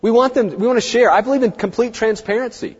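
A middle-aged man giving a seminar talk to an audience, chatty and animated, acting out the people he quotes. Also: extremely high pitch, quick pace, breathy edge. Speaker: veterinary practice speaker. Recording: muffled, dull sound in a reverberant hall.

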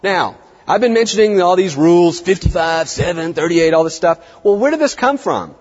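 An emphatic male consultant lecturing to a seminar, his voice swinging widely and dropping low for effect. He sits a little high and slightly husky, and the recording is dull and lo-fi with a long hall reverb trailing behind. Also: animated, moderate pace, darkish tone, soft background music. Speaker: veterinary practice consultant.

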